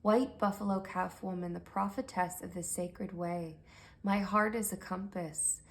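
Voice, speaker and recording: A woman giving a pick-a-card tarot reading in a soft, gentle, affirming way that sometimes sinks to a near-whisper. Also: on the low side, unhurried, vocal fry. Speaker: tarot reader.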